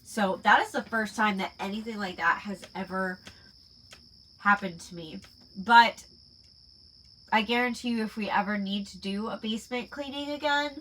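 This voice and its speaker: A woman's voice: mid-range voice, moderate pace, a bit bright, a little hiss or hum, poor audio. A woman hosting a casual late-night live chat, rambling with lots of fillers as she talks about her small shop. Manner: rambling, full of "like" and "um".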